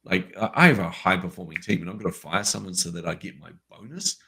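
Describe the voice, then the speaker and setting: A middle-aged man with a very low voice speaks in an unscripted conversation. He tells stories earnestly, often restarting sentences and adding fillers along the way. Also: lively intonation, fast, bright, forceful tone. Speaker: podcast co-host.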